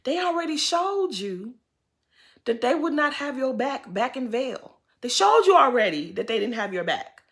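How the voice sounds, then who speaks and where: A woman's voice: high-pitched, sing-song, moderate pace. A woman giving an opinionated, casual recap of a reality TV episode, full of "girl" asides and pointed questions. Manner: sassy, opinionated, calls people "girl". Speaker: TV recap host.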